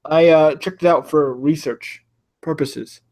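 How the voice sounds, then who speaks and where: A man's voice: fairly high pitch, fairly even intonation, unhurried, a little mellow. A man voicing a fussy male teacher who rambles, hesitates with many uhs, and lectures sternly. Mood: flustered.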